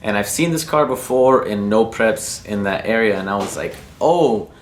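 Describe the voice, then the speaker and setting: A man's voice: on the low side, moderate pace, background noise. A man from New Mexico casually telling a story about drag racing, slangy and rambling and cursing freely. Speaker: racing vlogger.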